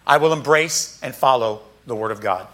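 A man preaching a sermon, reading scripture aloud and explaining it in an emphatic, casual way with quick asides. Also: mid-range voice, a bit bright.

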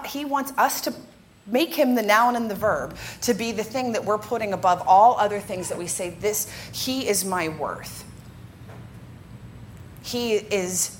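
A woman worship director giving a lively church teaching talk to a congregation, joking with them as she goes. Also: medium pitch, slight background noise. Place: church sanctuary before a congregation.

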